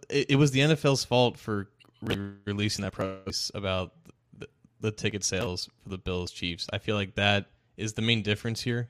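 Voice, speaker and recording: Man, co-host, low voice, animated, stammering sports talk. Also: clear, resonant tone. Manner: animated, stammering restarts, laughs often.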